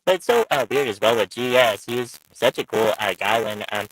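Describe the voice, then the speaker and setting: A man's voice: mid-range voice, fairly quick, fairly bright tone, breathy edge, dry recording, poor audio. A man calling in to a live stream, rambling with lots of uhs and restarts. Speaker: caller on the stream. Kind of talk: casual chat.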